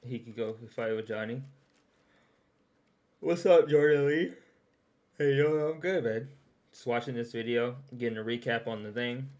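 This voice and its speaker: A man's voice: medium pitch, normal speed, pauses often, darkish tone. Young male streamer, loose and chatty, laughs through his reactions, stumbles and repeats words. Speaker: streamer reacting to a recap video.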